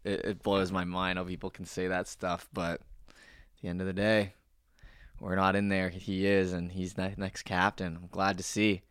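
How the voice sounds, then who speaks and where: A man's voice: low voice, level tone, moderate pace, fairly bright tone, clean tone, no room sound, studio quality. A man from Canada's East Coast, co-hosting a casual sports podcast in an easygoing, laughing way. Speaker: podcast co-host.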